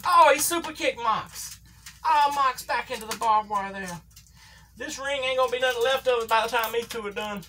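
A woman's voice: fairly high pitch, moderate pace, bright, forceful tone, a little hiss or hum. Woman doing a folksy Southern wrestling announcer. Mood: excited ringside. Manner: thick put-on Southern drawl, country grammar, cries of "Lordy". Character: folksy Southern older male wrestling commentator. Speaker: play-by-play commentator for a toy wrestling figure match. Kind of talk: comedic ringside commentary.

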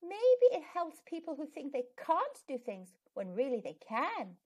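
A kind, calm teacher in a storybook read-aloud, a woman voicing her. Her voice rises brightly and lilts as she encourages the class. She keeps a gentle firmness. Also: sits high, measured pace, voice pushed up, full character voice. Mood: encouraging. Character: kind, calm female primary school teacher.

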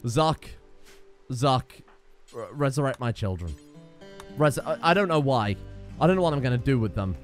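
A man's voice: medium pitch, lively intonation, normal speed, pauses often. A man giving sarcastic, exasperated let's play commentary, swearing often, with faint music behind him. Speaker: gaming YouTuber.

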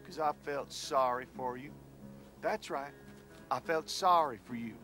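An actor playing a dry, sarcastic fiancé on a road trip who bursts into yelling. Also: male voice, mid-range voice, unhurried, soft background music. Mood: bitter. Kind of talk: comedy sketch acting.

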